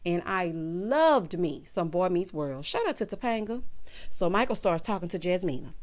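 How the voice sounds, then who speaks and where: A woman, talking through a reality show recap. She is sassy and animated, and she slips into changed voices when she quotes people. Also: on the low side, moderate pace. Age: 30s. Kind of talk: casual recap commentary.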